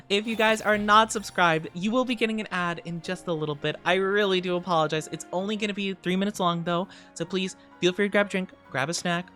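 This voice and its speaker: A man's voice: high voice, sharp tone, clear, resonant tone. A man streaming as a VTuber, chatting casually with viewers, greeting them sweetly and playing up mock offense when teased. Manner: playful, mock-offended teasing. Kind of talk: casual livestream chat.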